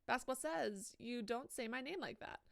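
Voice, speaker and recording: While gaming on a live stream, a woman chats casually, cursing freely and reading chat messages aloud to react to them. Her fairly high voice is expressive with some vocal fry, at a moderate pace.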